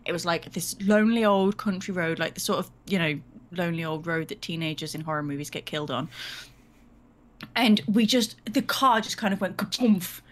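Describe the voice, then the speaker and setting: A woman's voice: on the low side, a little fast. A woman, co-hosting a podcast, blunt and crude in a teasing, chatty way. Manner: blunt, crude and teasing, does silly voices. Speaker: podcast co-host. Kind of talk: casual chat.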